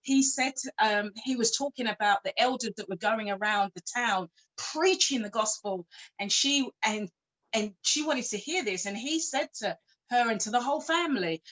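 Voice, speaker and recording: A woman's voice: mid-range voice, moderate pace, a bit bright, rough recording. Woman telling a story conversationally. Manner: conversational, with frank personal asides and self-deprecating humor. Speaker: conference speaker. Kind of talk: personal storytelling talk. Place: church hall.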